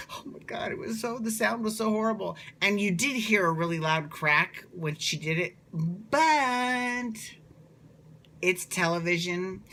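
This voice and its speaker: A man's voice: on the high side, bright, forceful tone, a little hiss or hum. A man chatting in a casual, gossipy way as he recaps a TV show, swearing freely. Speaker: TV recap vlogger.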